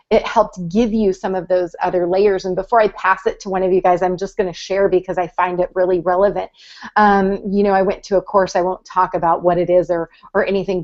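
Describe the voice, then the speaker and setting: A woman's voice: medium pitch, a little mellow, lo-fi sound. A woman co-hosting a casual group chat, talking in a chatty, encouraging way with many fillers. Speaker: podcast co-host.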